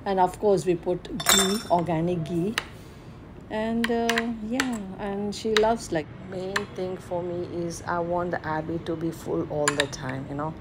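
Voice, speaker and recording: A woman's voice: fairly low pitch, fairly even intonation, heavy background noise. A woman, a mother explaining her baby's meals in a casual home vlog, with many fillers and restarts. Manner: unhurried, plain, with frequent "uh" fillers and restarts. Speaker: mother and home cooking vlogger.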